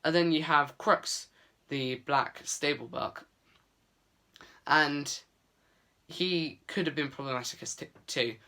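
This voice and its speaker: A man's voice: fairly high pitch, slow, pauses often, bright, forceful tone. A man giving a casual, earnest book review vlog, chatty with many fillers.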